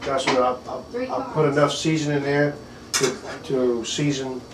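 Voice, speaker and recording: A man's voice: medium pitch, fairly even intonation, measured pace, background noise. A man cooking as a guest, explaining his dish in a plain, matter-of-fact way. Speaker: guest cook. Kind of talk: casual cooking demonstration. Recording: roomy, from a distance, banjo music. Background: banjo music.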